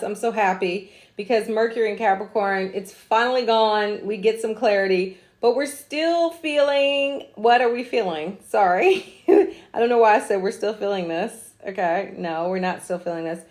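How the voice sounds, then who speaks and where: A woman hosting a casual astrology livestream, chatty and slangy, drifting into asides and laughing at herself. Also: fairly high pitch. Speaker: astrology host.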